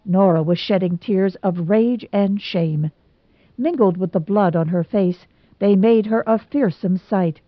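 A woman's voice: mid-range voice, a little slow, no echo. Woman narrating a storybook, dry sound. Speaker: audiobook narrator. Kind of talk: scripted narration. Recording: dull lo-fi recording.

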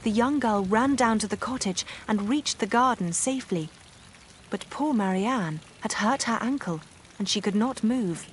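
A woman narrating a storybook with clear, even storytelling. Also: medium pitch, normal speed, a little hiss or hum. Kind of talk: storybook reading.

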